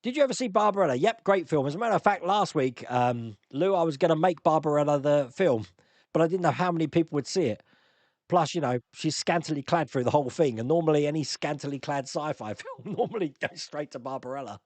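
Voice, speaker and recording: Lively chatty man hosting a live stream. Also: on the high side, fast, no room sound. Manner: chatty, laughs often, answers viewer comments aloud. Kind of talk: casual live-stream Q&A chat.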